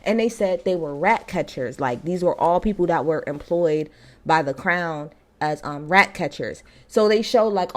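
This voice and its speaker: Animated woman ranting about a show. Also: sits low. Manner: animated, emphatic, slangy storytelling. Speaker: TV show reviewer. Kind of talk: ranting episode recap.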